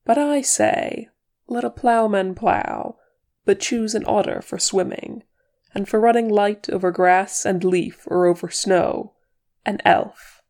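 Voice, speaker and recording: A woman's voice: mid-range voice, takes it slowly, a little mellow. A woman voicing a graceful, amused male elf archer in a storybook reading, light and teasing. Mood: playful.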